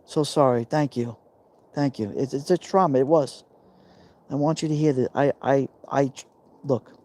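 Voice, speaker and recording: A man's voice: medium pitch, warm tone. A man, telling a personal story on a live stream in an emotional, confiding way, repeating himself for emphasis. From New York. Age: 50s.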